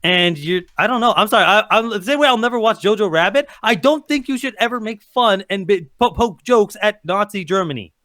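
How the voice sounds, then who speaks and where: Fast, animated man with opinions. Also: high-pitched. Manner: rambling, emphatic opinions with many fillers. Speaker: co-host, TV reviewer. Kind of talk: casual podcast chat.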